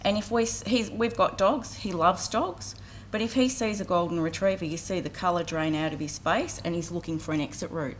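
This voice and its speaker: Speaking on the low side, fairly quickly and with few pauses, this Australian woman in her forties gives an earnest talk at an outdoor community campaign launch for community vet care. She narrates a story to the crowd, slipping briefly into character voices, with slight background noise audible.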